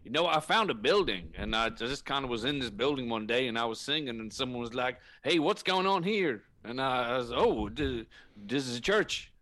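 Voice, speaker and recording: A man's voice: mid-range voice, animated, normal speed, pushed and bright. A man putting on a drawling southern preacher. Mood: deadpan. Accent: Southern US, put on. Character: fake Southern American preacher, man, adult, rambling and shameless. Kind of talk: improvised comedy podcast.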